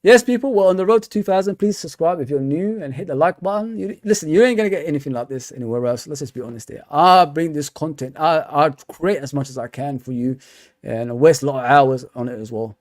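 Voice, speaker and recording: A man's voice: mid-range voice, quick pace, darkish tone. A young man, hosting a live stream and chatting casually with his viewers, rambling and repeating himself with lots of fillers. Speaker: fan channel host. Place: home.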